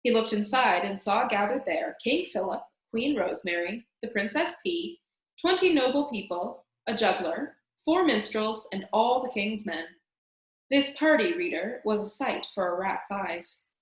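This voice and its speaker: Storybook reader: an expressive woman in a roomy space, mid pitch. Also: measured pace. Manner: expressive, addresses listener as "reader". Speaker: storyteller reading to children. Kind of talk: reading a children's novel aloud. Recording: roomy echo.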